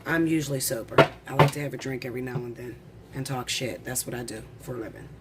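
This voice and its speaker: Woman doing a tarot reading, talks fast and blunt, kinda noisy recording. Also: a bass voice. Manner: rapid, excitable, blunt with swearing. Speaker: tarot reader.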